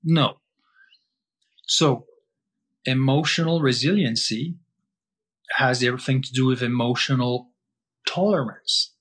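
A man's voice: medium pitch, a little slow, pauses often, a bit bright, breathy edge. Emphatic man explaining with rhetorical questions. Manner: emphatic, repetitive, asks himself rhetorical questions. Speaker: guest breath-holding teacher. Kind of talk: explaining in conversation.

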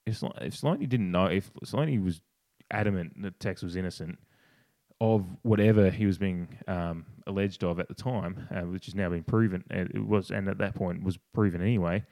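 A man co-hosts a casual, opinionated podcast at a moderate pace, his slightly mellow voice recorded dry. Passionate and profane, he frequently restarts sentences and mimics others in a higher voice.

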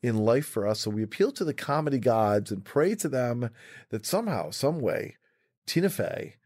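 A man hosting a comedy podcast, playful and quick to laugh as he chats with guests. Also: medium pitch, sing-song, darkish tone, no room sound, studio quality. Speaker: podcast host. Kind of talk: casual comedy podcast chat.

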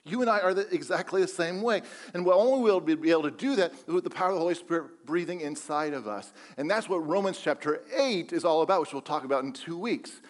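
A man's voice: fairly high pitch, animated, fast talker. A man preaching a sermon as pastor, emphatic, repeating phrases and asking the congregation rhetorical questions.

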